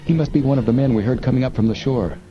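A man voicing an earnest teenage boy who speaks in an urgent, hushed way. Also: mid-range voice, rapid-fire, faint music behind, pitched above the performer's own voice, lightly acted. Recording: muffled lo-fi with faint hiss.

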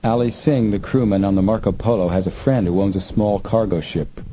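A man's voice: fairly low pitch, fairly even intonation, fairly quick, close to an everyday voice. A man reading an earnest teenage boy detective. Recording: dull recording, faint hiss.

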